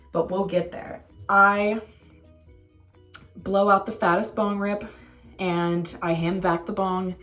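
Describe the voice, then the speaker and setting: A young woman telling a casual storytime vlog, candid and self-mocking, swearing freely. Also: mid-range voice. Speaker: vlogger.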